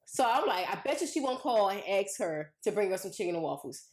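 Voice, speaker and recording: Woman co-host, casual anecdote teller, animated pitch, echoey room sound. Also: fairly quick. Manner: conversational, tells family anecdotes, quotes her mother. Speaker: podcast co-host. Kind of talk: casual chat. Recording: roomy echo.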